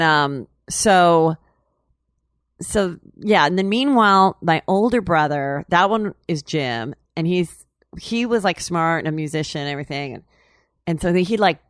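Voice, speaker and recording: This is a low-pitched, smooth female voice captured in clean studio sound with no room sound. She's a chatty, candid interview guest in a casual storytelling conversation, rambling, leaning on "like" and "you know," and laughing while she talks.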